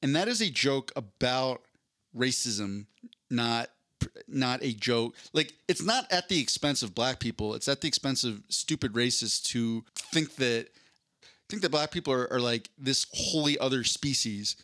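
A man chatting on a podcast, with a bright, forceful voice recorded close and dry. He tells stories in an animated way, with quick asides and casual swearing. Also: mid-range voice, no room sound. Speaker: podcast co-host. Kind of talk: casual chat, storytelling.

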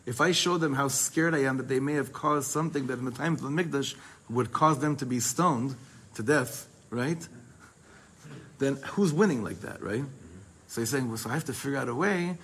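A man with a mid-range, breathy-edged voice, captured in poor audio, teaches a Torah class to a small group. He reads Hebrew passages quickly, then explains them in English in a lively way.

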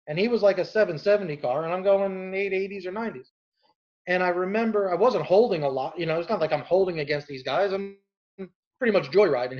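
A man's voice: sits high, muffled recording. A man telling casual, rambling anecdotes and acting out quoted dialogue as he goes. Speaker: storyteller host. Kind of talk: casual storytelling.

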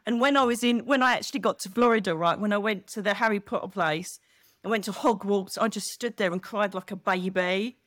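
A middle-aged woman, a guest chatting casually and telling stories with lively, expressive delivery. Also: mid-range voice, fairly quick, dry recording, clean studio sound. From England. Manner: animated, expressive storyteller who acts out quotes. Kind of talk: casual chat.

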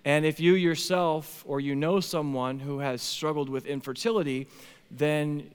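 A man in his thirties preaching a sermon as a pastor, animated, swinging from hushed tones to near shouting. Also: a little high, unhurried, smooth. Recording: long hall reverb.

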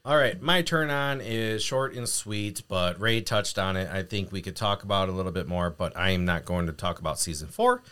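A man with young kids, chatting casually on a podcast and getting excited as he retells scenes. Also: brisk, hardly any pauses, clear, resonant tone. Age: adult with children. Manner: excitable, breaks into laughter and high-pitched retelling. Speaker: podcast co-host. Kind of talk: casual chat.

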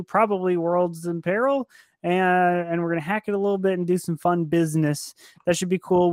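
Brief: high-voiced man, upbeat sign-off plugs, dry close sound. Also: no echo. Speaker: player and show host. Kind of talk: casual sign-off plug.

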